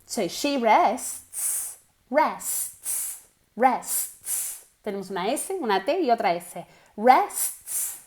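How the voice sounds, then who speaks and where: A woman teaching English, running slow pronunciation drills and exaggerating sounds so learners can hear them, with short explanations in Spanish. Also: on the high side, very animated, darkish tone. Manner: exaggerates pronunciation and laughs at herself. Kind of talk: online language lesson with drills.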